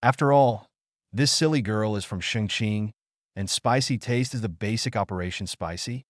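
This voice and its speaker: A man's voice: on the low side, normal speed, dry recording, clean studio sound, lightly acted. A man voicing a cheerful young woman student who is a little bossy with her boyfriend. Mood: playful.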